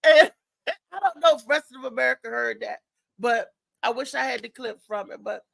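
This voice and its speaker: A woman hosting a live morning show, chatting in a rambling, animated way, repeating herself and acting out what others said. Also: fairly high pitch, normal speed, creaky, no room sound. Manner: rambling, animated retelling with many repeats and acted-out quotes. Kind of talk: casual live-stream commentary.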